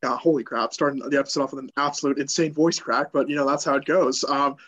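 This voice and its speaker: A man's voice: mid-range voice, steady tone, fast talker, fairly bright tone. A young man co-hosting a sports podcast by phone, loose and rambling, with many restarts. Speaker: podcast co-host. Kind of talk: casual sports podcast chat. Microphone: phone call.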